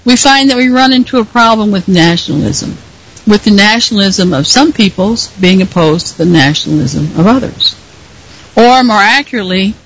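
A speaker with a husky, somewhat breathy voice sitting in the middle of the usual pitch range. They deliver a prepared commentary monologue deliberately, pausing often and stopping to correct themself. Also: a bit bright, poor audio.

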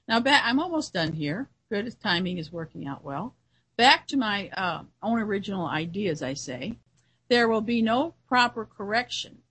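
A woman's voice: medium pitch, a bit bright, husky, low-quality recording. A woman who hosts a radio show, giving an earnest solo commentary in a musing way, often restarting her sentences.

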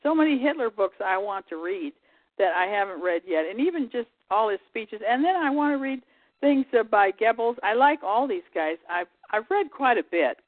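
A woman calling in as a guest on a radio show, rambling in casual chat with halting starts and trailing thoughts. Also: a little high, lively intonation, no room sound. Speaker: call-in guest. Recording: tinny dry phone line.

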